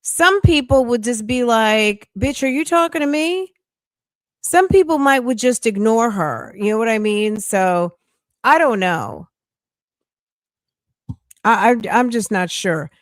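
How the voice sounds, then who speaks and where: A woman's voice: fairly high pitch, takes it slowly, no room sound. A middle-aged woman hosting a casual livestream, reading news aloud, reacting bluntly and greeting viewers by name with pet names. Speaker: livestream host.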